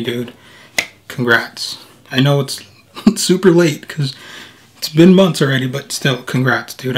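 A man's voice: mid-range voice, a bit bright. A young man talking casually to his viewers in a playful, chatty vlog style. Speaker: vlogger. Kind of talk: casual vlog talk to camera.

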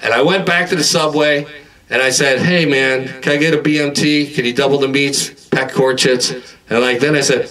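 A man's voice: mid-range voice, fairly even intonation, moderate pace. Rambling man telling stories over guitar. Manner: rambling, full of "like" and "uh", shouting out quoted lines. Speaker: singer-songwriter performing a home concert. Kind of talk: rambling comic storytelling between songs. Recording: distant mic under loud guitar.

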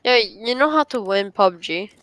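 A woman's voice: medium pitch, expressive, normal speed, a bit bright, clear, resonant tone, poor audio. A woman streaming a game and chatting casually with teammates, rambling with lots of fillers. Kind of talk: casual gaming voice chat.

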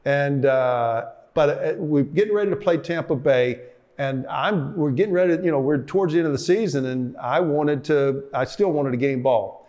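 A man's voice: a little high, moderate pace, a little mellow, lo-fi sound. Older guy rambling through his old stories in an interview, lots of uh and restarts. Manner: rambling, with frequent fillers and restarts. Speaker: interviewee, former football player. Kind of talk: reflective storytelling interview.

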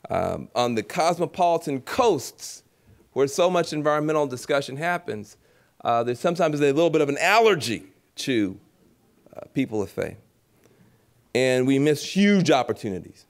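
A man giving a lively public speech at a gala, animated and preacherly, acting out voices and repeating phrases for emphasis. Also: mid-range voice, normal speed. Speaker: keynote speaker at an awards gala.

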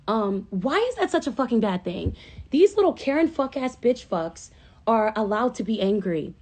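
Brief: woman hosting a phone livestream, middle pitch, loose profane rambling, bursts of heated passion. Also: unhurried. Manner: profane, rambling and animated, flaring into impassioned outbursts. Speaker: livestream host. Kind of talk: casual chat on a phone livestream.

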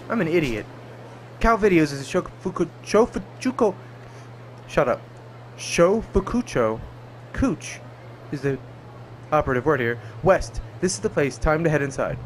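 Young male let's-player, cussing and excitable, slightly high voice. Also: moderate pace, slight background noise. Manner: profane, excitable, jokey. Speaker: gaming channel host. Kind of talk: let's play commentary. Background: game music.

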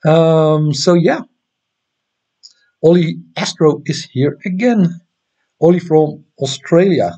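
A man's voice: on the high side, takes it slowly, pauses often, dark tone. A man with a Dutch accent hosting an astronomy livestream, chatting casually and reading viewer comments with many hesitant ums and restarts. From Netherlands.

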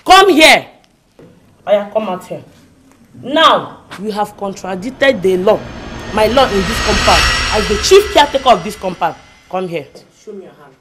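An actress with a Nigerian accent playing a bossy caretaker who scolds a tenant in a comedy film. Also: female voice, medium pitch, expressive, normal speed, noisy background, natural voice. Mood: scolding. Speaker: compound caretaker. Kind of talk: Nollywood comedy acting.

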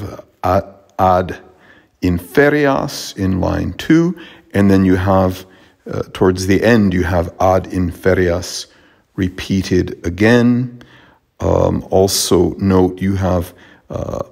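A man teaching a Latin poem, explaining its sounds and meter in a halting way with frequent pauses and restarts. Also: low voice, creaky, darkish tone. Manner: halting, with many fillers and restarts. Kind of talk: explanatory lesson on poetry.

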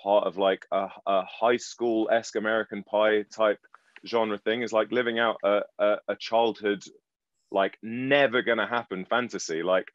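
A man's voice: fairly low pitch, steady tone, normal speed, no room sound, highs cut off. A man from London with a London English accent, an actor answering panel questions in a rambling, self-deprecating, jokey way. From London, England. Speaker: actor and guest.

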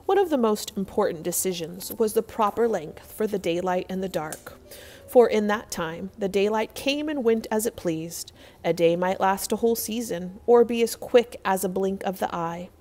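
Woman telling a folktale in a reverberant hall. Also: medium pitch. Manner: measured, expressive storytelling. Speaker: storyteller. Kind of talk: reading a folktale aloud.

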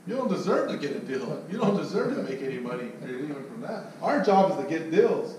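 Blunt swearing sales manager, echoey. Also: male voice, on the high side, very animated, quick pace. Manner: loud, blunt, swearing, mocks others in put-on voices. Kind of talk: profane motivational pep talk. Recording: echoey, distant mic with faint noise.

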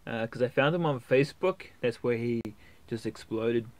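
A man with a New Zealand accent and a mid-range voice who wraps up a reaction video in a relaxed, chatty way. He hesitates often and fills his pauses with ums and uhs. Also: medium pitch. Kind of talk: casual chat to viewers.

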